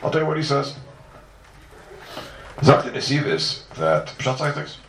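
A man gives an animated Talmud lecture as a Torah teacher, firing rhetorical questions at his listeners. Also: mid-range voice, a little slow, slight background noise. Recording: roomy echo from far off, faint ambience.

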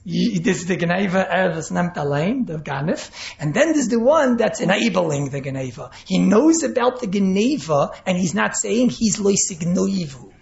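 A man with lectures like a rabbi in a loose, rambling way, chuckling as he goes. His voice sits high for a man and has a gravelly edge. The recording is roomy and muffled. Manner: rambling, chuckling, mixes in Hebrew and Yiddish. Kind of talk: informal Torah lecture.

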